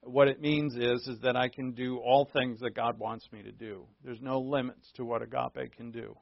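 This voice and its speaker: A man teaching a Bible class in a conversational way, stressing points by repeating them and often pausing on fillers. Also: medium pitch, steady tone, gravelly, dry recording. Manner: conversational, repetitive emphasis, frequent fillers. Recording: dull, dry, lo-fi recording.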